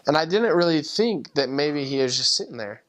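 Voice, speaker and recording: A man, a former missionary, telling a personal faith story in an earnest, heartfelt, halting way. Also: a little high, expressive.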